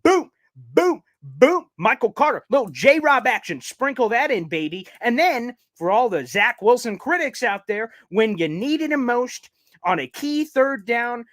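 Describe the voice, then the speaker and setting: A man's voice: a bit bright, no room sound. A man hosting a live fan recap show, ranting and taunting in a fired-up way, a little out of breath. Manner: fired-up, taunting rants with big pitch jumps. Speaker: sports show host.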